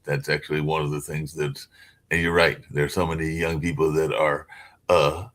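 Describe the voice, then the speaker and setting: A man with an extremely deep, flat voice answers in a calm, sympathetic way. He talks in casual panel-discussion style over a video call. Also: normal speed. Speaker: forum panelist.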